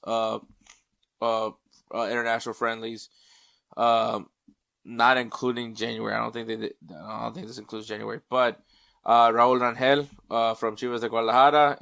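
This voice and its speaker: With a medium-pitched, fairly bright, smooth voice on a dry recording, this man hosts a laid-back sports podcast. He rambles, says um a lot, restarts often, and drifts off mic now and then to look up stats.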